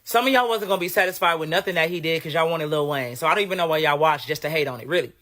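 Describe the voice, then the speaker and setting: Brief: male vlogger from Compton, rapid casual slang, lively commentary. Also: fairly high pitch. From Los Angeles, Compton. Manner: fast, chatty, slangy. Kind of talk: casual opinion vlog.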